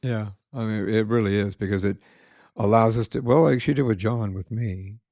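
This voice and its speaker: A man's voice: fairly low pitch, moderate pace, warm tone, no room sound, studio quality. A man co-hosting a podcast after-show, talking in a loose, rambling way with lots of fillers. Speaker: podcast co-host. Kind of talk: casual after-show chat.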